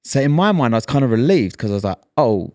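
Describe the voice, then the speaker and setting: A man's voice: mid-range voice, sing-song, quick pace, darkish tone, no echo, clean studio sound. A man in his thirties, a podcast co-host telling a story in casual chat and acting out the lines he quotes.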